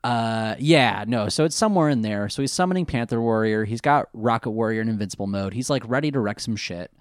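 A man co-hosting a casual recap chat, jokey and animated, breaking into goofy voices. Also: lowish voice, a little fast, clear, resonant tone, no echo, studio quality. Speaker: podcast co-host recapping an anime.

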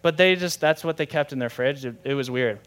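A man's voice: mid-range voice, brisk, a bit bright. A young adult man, a pastor preaching a sermon in a conversational, candid way with self-deprecating humor.

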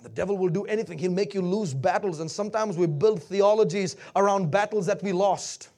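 Male pastor, very high voice, sermon delivery with loud shouts and sudden quiet drops. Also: a little fast, few pauses.

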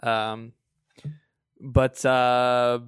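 A man co-hosting a podcast in casual chat, talkative and quick to laugh. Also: mid-range voice, level tone, clean tone, no room sound, clean studio sound. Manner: chatty, laughs often, restarts sentences. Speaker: podcast co-host.

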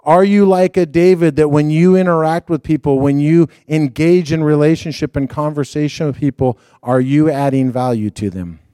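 A man's voice: fairly high pitch, moderate pace, few pauses, smooth, no room sound, studio quality. A middle-aged man preaching a sermon, telling stories and acting out the quotes as he goes. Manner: storytelling, animated, acts out quotes. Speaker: guest preacher.

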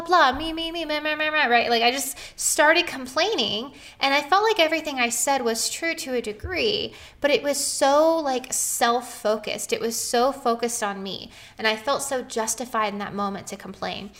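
On a podcast, a thirtysomething woman recounts something from her own life with earnest animation and frequent laughter. Her voice sits high.

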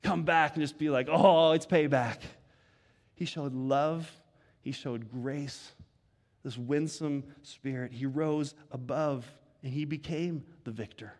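A pastor preaching an earnest sermon that rises to emphatic peaks. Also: male voice, mid-range voice, slow.

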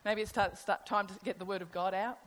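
A woman's voice: medium pitch, steady tone, fairly quick. A middle-aged woman preaching a sermon in a conversational way, asking her listeners rhetorical questions. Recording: long hall reverb.

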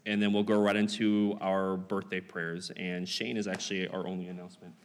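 A man with a fairly low voice leads a Sunday church gathering. He talks in a relaxed, easygoing way, with fillers and small jokes. His voice rings with a long reverb from the church hall. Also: brisk, slight background noise. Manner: relaxed, lightly joking, with frequent fillers. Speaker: church service leader. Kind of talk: church announcements and prayer. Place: church sanctuary.

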